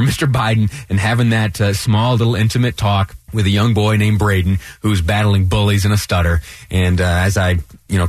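A low-voiced man hosting a talk radio show, speaking in an earnest, halting way with frequent restarts. The sound is dry and close, straight into a studio microphone. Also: dry recording.

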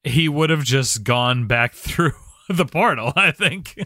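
Lively, easygoing male podcast co-host. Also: mid-range voice, slow pace, no room sound, clean studio sound. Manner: laughs often, easygoing, agreeable. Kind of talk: casual chat.

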